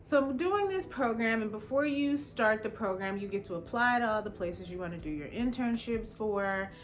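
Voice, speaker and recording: Animated woman telling a personal story. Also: fairly high pitch, moderate pace. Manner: animated, emphatic, conversational with rhetorical questions. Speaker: attorney and vlogger.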